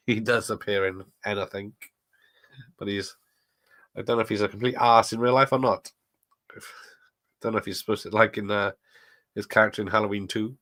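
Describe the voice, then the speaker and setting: Reading chat aloud at a watch party he's hosting, this middle-aged man keeps things casual, laughs a lot, and wanders off into asides. His low-leaning voice is fairly bright and brisk, with fairly even intonation and frequent pauses, recorded dry.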